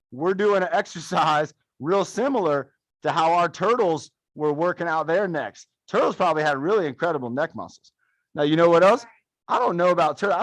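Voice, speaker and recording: A man's voice: high-pitched, dry recording. A young man coaching a live adaptive fitness class, counting reps and cheering people on in an upbeat, playful way. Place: fitness studio.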